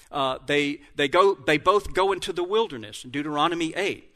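A man's voice: a little high, expressive, moderate pace, hardly any pauses, fairly bright tone. A man giving a Bible lesson who reads verses aloud, then explains how they compare, now and then correcting himself mid-reading. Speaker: Bible teacher. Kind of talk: Bible teaching with scripture readings.

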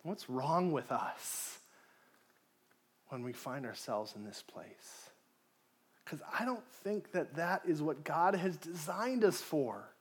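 A male pastor delivers a conversational sermon, putting questions to the congregation and acting out people's inner voices. His husky voice sits fairly high, swings widely in pitch, and moves at a slow pace.

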